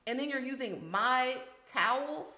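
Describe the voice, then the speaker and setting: A woman's voice: sits high, lively intonation, a little slow, pushed and bright. A woman co-host reacting to a clip in casual chat, blunt and profane. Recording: echoey room.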